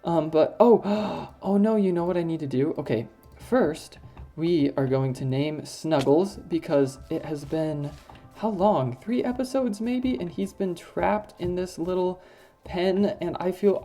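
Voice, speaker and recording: A young woman giving casual, rambling commentary while she plays a building game, often breaking into sudden high-pitched exclamations. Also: dark tone. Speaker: gaming video host.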